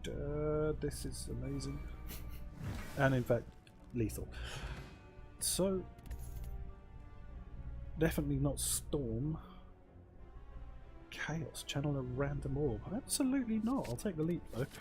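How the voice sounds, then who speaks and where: A man's voice: mid-range voice, slow, pauses often, darkish tone. Wry man thinking aloud over a card game. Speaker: let's play host. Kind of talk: casual gameplay commentary. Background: faint game music.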